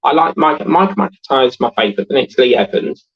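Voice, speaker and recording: A man's voice: mid-range voice, big pitch swings, brisk, husky, muffled recording. A man in his thirties hosting a casual livestream, rambling and laughing as he reads out viewer comments. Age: 30s. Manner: chatty and rambling, laughs often, many fillers. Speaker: host of a model-building livestream.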